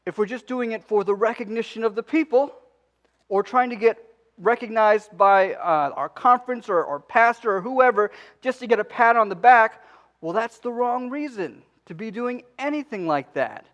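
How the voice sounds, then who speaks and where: A man's voice: high voice, expressive, moderate pace, fairly bright tone. A man in his forties giving a conversational sermon in a church, pleading with the congregation and adding many asides. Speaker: pastor. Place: church sanctuary.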